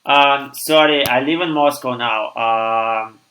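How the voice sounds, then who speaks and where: Tired Russian-accented programmer, bright voice. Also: male voice, medium pitch. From Siberia, Russia. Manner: halting, restarts words, reads code aloud. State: tired after long streaming. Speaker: programmer streaming live. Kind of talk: live coding stream, thinking aloud.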